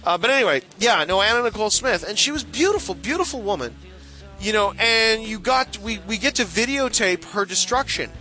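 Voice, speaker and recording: A man with a bright, somewhat high voice chatting loosely on a podcast. He rambles, restarts his sentences and laughs often, with faint music behind him. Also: expressive, fairly quick, low-quality recording. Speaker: podcast co-host. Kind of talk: casual chat, reading a listener's letter aloud.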